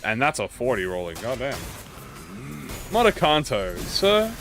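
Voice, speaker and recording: A man giving casual gameplay commentary, excitable and joking, swearing freely. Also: mid-range voice, a little slow, soft background music. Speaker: gaming YouTuber.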